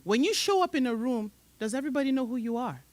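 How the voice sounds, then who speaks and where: Woman moderator, mixed accent, lively swooping pitch, emphatic and laughing, conference-stage career talk. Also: fast. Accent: mixed, hard to place. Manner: emphatic and animated, laughs often. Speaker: panel moderator at a professional summit.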